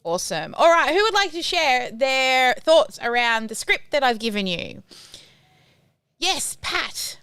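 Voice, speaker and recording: Upbeat woman coach, smooth voice. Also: sits high, very animated, a little slow, fairly bright tone, no room sound. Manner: encouraging, direct, chatty with fillers. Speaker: online business coach. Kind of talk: live coaching session. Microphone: video call.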